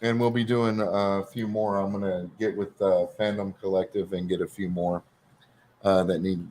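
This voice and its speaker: Texan man, host, casual rambling chat, lower pitch. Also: little pitch movement, normal speed, a little mellow, slight background noise. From Texas. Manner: rambling, hesitant with fillers. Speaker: stream host.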